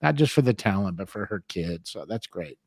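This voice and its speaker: A man's voice: fairly low pitch, animated, fairly quick. A middle-aged man hosting a talk show, telling rambling stories in casual chat and filling his talk with "man" and "you know".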